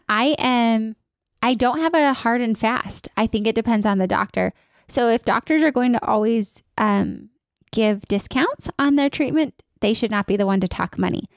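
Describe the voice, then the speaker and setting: Upbeat high-voiced woman, dry close sound. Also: no room sound. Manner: energetic, upbeat, acts out staff and patient lines. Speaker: dental practice consultant. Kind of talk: podcast interview guest.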